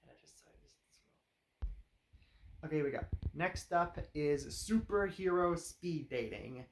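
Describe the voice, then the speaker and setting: A man's voice: fairly high pitch, animated, unhurried, a little hiss or hum. A man casually reviewing a movie, rambling with lots of fillers and dry sarcasm. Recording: roomy echo.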